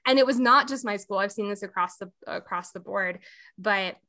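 A woman's voice: mid-range voice, moderate pace, bright, forceful tone. A woman, a guest who coaches creatives, talking animatedly in casual conversation and laughing through her points. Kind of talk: casual chat.

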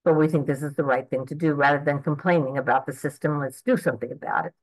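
Woman, 80s, lowish voice; earnest, reflective spoken prayer addressed to God. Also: steady tone, quick pace, low-quality recording.

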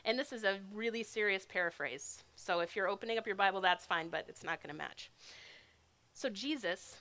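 A woman's voice: mid-range voice, animated, fairly quick, pushed and bright. A woman giving a sermon in a casual, conversational way. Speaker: speaker.

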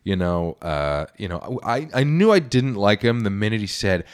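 A podcast host chats casually in a very low, deep voice. He is wry and relaxed. He swears offhandedly as he reacts to what his co-host says. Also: moderate pace, smooth. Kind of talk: casual chat.

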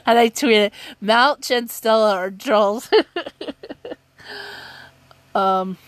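A woman's voice: medium pitch, very slow, no echo. A woman casually recapping a TV episode, rambling and giggly, who often breaks into laughter. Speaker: TV show recap vlogger.

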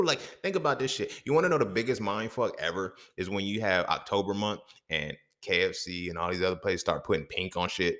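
A man's voice: deep voice, fairly quick, fairly bright tone. A man hosting a podcast, talking in a casual, profane monologue full of rhetorical questions. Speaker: podcast host.

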